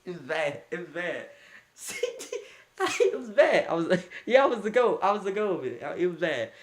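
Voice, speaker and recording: A young man telling a casual storytime tale in a lively, slangy way, laughing as he goes. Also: high-pitched, brisk.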